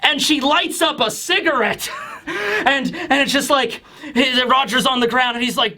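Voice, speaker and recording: A man giving a casual, animated manga chapter review, laughing often and acting out characters. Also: very high voice, measured pace.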